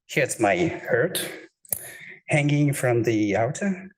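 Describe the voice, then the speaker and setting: A man's voice: mid-range voice, expressive, takes it slowly. A man with a French accent, a postdoctoral researcher, giving a scientific talk full of hesitations, self-corrections and self-deprecating jokes.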